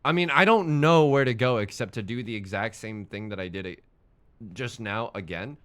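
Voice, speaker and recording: A man's voice: on the low side, normal speed, fairly bright tone, clean tone. A young man streaming a game, chatting casually in a rambling, self-mocking way and swearing when the game frustrates him. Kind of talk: casual gaming stream chat.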